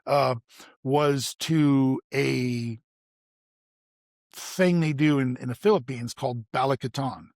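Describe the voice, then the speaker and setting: A man's voice: mid-range voice, slow, pauses often, darkish tone, no room sound, studio quality. Older man telling rambling stories. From United States. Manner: rambling anecdotes with repeated words and profanity. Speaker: guest, retired army medic. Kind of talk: casual storytelling.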